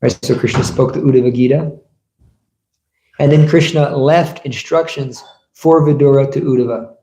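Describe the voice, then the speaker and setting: A man's voice: medium pitch, steady tone, moderate pace, mellow. A man giving a scripture class as a sermon, telling stories and asking the audience questions. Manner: storytelling, asks the audience rhetorical questions. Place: temple hall. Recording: echoey room.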